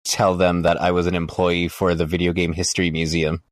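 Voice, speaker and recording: Podcast guest, man, low deep voice, deadpan casual storyteller, dry mic. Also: brisk, no room sound. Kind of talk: casual chat.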